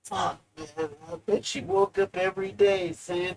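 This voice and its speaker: Gravelly, slow, profane live-streamer. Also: big pitch swings. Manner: profane, rambling, emotional; swings between low mutters and loud outbursts. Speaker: livestreamer. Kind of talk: rambling live-stream monologue.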